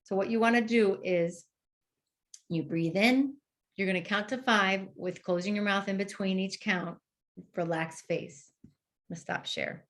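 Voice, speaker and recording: A woman clinician leads a training session, explaining each step and then modeling the exercise aloud. Her voice sits at an ordinary middle pitch, and she pauses often to breathe as she demonstrates. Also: a bit bright. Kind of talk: instructional demonstration.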